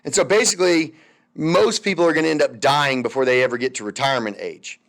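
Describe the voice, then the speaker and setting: A man's voice: medium pitch, fast talker, fairly bright tone. A young man teaching a recorded history lecture over slides, chatty and loose, with many fillers and wry asides.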